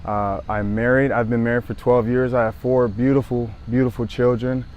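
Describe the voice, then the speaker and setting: A man in his thirties from Southern California speaks straight to the camera about his own life. His voice sits at an ordinary middle pitch. He sounds earnest and reflective, circling back over phrases and restarting sentences as he thinks. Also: little pitch movement, moderate pace, highs cut off. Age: 30s. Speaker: former pro football player sharing his story. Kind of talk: personal testimony to camera.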